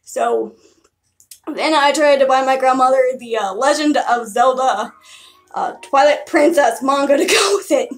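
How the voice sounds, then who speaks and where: A young woman streaming a casual chat, excitable and giggly, often bursting into shouts. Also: high voice, unhurried. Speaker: live streamer.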